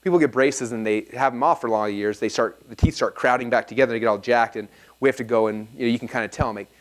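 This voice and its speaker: A man's voice: medium pitch, fast talker. A man in his thirties speaking to a live audience at a business seminar, telling stories animatedly and acting out the dialogue. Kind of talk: storytelling seminar talk. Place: event hall with a live audience.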